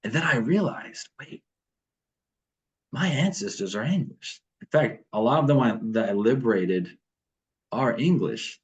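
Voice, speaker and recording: A man's voice: mid-range voice, animated, unhurried. A man leading a morning devotion over a video call, reading passages aloud and then talking them through with fillers and restarts.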